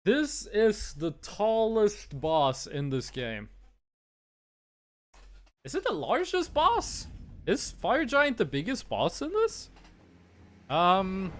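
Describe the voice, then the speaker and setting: Slow, lively man. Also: sits high. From Estonia. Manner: playful, muses aloud over pronunciations. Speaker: streamer. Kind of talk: casual live-stream gaming commentary.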